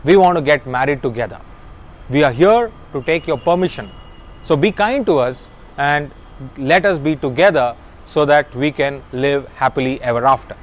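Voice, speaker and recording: A man's voice: on the high side, normal speed, lo-fi sound, lightly acted. A man voicing a bold young woman who speaks earnestly and directly to her father. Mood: pleading.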